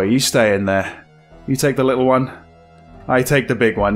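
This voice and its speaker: A man's voice: mid-range voice, normal speed, pauses often. A man commentating his horror game playthrough, talking to himself, startling and laughing nervously as he goes. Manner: jumpy, laughing, talks to himself. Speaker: gameplay commentator. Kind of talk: let's play commentary. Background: game music.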